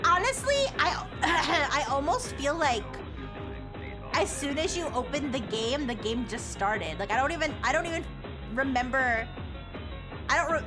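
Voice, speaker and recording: A woman chats casually on a livestream in a high, bright voice, rambling and laughing often. She fills her sentences with "like", and music plays clearly behind her.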